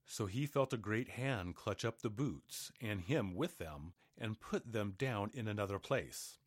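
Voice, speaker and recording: A man narrating a fairy tale aloud in an expressive storybook reading. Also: on the low side, a little slow, breathy edge, no room sound, studio quality. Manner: expressive, animated.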